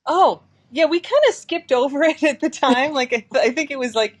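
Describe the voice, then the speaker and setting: A chatty female podcast host who laughs easily and narrates what she is clicking. Her voice sits a little higher than most and sounds close and dry, with no room around it. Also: lively intonation, normal speed, no echo. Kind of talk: casual live podcast chat.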